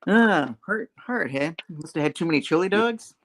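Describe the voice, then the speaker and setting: A man's voice: a little high, animated, moderate pace, fairly bright tone, pitched above the performer's own voice. A man voicing a sarcastic young male superhero who cracks easygoing jokes. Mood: wisecracking. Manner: sarcastic, joking.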